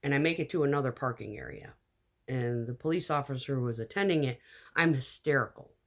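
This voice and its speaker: A woman telling a personal story in a casual storytime vlog, animated and blunt, acting out the lines of the people in it. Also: very deep voice, fairly quick. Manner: animated, acts out quoted dialogue.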